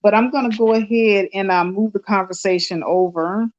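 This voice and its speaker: Woman host, casual live call-in stream, effusive and halting, muffled lo-fi sound. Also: medium pitch, steady tone. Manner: effusive, many fillers and restarts. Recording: dull lo-fi stream audio.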